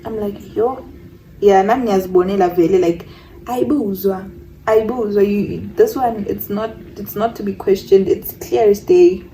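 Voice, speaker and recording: A woman's voice: mid-range voice, normal speed, dark tone, recorded from a distance, a little hiss or hum, rough recording. A young woman telling a personal story in a casual storytime, rambling, repeating herself and stumbling over words. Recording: voice a bit off-mic.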